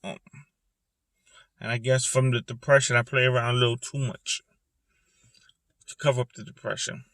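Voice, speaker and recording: A man sitting in a parked car, talking earnestly and repetitively about his own depression, with halting pauses. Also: medium pitch, fairly even intonation, fairly bright tone, no echo. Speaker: vlogger speaking about depression. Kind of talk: personal confessional monologue.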